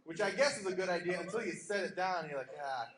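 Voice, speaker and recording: A man with a fairly high voice performs stand-up on a small stage, telling jokes drily and dropping into mock voices. The sound is roomy and echoey, with clear noise underneath. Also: rapid-fire. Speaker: stand-up comic. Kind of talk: stand-up comedy set. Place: small theater stage, live audience.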